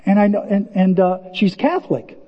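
A man's voice: sits high, moderate pace. Man preaching a sermon in a hall. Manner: animated, conversational, acts out dialogue. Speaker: pastor. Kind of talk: storytelling sermon. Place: church sanctuary. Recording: dull lo-fi church hall recording.

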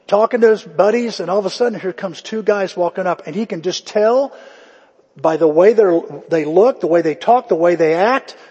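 Husky-voiced preacher telling a story. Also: male voice, high voice, moderate pace, a little mellow, long reverb tail, muffled recording. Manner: conversational storytelling, acting out quotes. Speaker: pastor. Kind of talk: sermon.

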